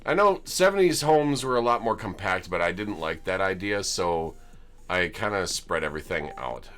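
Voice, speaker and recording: Man, gameplay streamer, low voice, very animated pitch, amused chatty delivery. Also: normal speed, soft background music. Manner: chatty, amused, chuckles often. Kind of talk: casual gameplay commentary.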